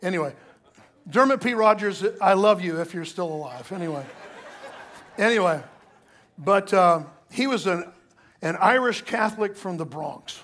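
A middle-aged male pastor preaching a sermon, telling a personal story with lively asides to the congregation. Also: high voice, normal speed, long pauses.

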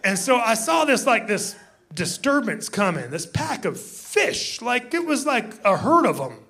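A man in his fifties, a pastor telling a story in a sermon, animated and laughing as he acts out shouts. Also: extremely high pitch, unhurried.

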